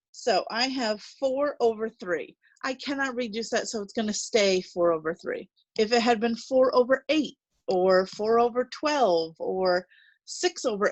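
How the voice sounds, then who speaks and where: A woman's voice: fairly high pitch, no room sound, lo-fi sound. A woman teaching a recorded math lesson, chatty and reassuring, thinking aloud as she works through problems.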